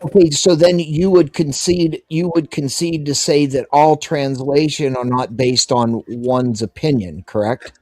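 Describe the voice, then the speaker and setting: A man in a live debate, pressing questions in a halting way. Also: on the high side, fairly even intonation, darkish tone. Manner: halting, questioning, restarts often. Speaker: debate caller. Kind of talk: argumentative debate.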